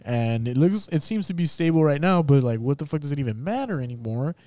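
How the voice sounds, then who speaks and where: A man hosting a live podcast, talking in a profane, rambling way and reading out sponsor shout-outs. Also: fairly high pitch, lively intonation, quick pace, dry recording. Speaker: podcast host. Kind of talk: casual podcast chat and sponsor reads. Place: live venue.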